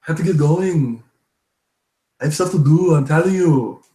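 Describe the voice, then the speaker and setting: A man doing an impression of a famous film actor, with strange pauses and a drawn-out, wondering delivery. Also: on the high side, mellow, echoey room, pitched above the performer's own voice, natural voice, low-quality recording. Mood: odd wonder.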